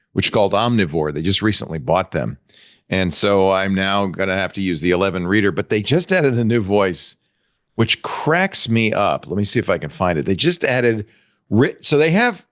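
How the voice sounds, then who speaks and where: An older man hosting a casual tech panel show, animated and laughing often as he thinks aloud. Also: fairly low pitch, dry recording, clean studio sound. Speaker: host.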